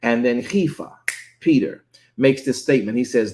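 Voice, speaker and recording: A man's voice: medium pitch, normal speed, a little mellow. A man preaching a conversational sermon, often repeating words and checking in with "right?".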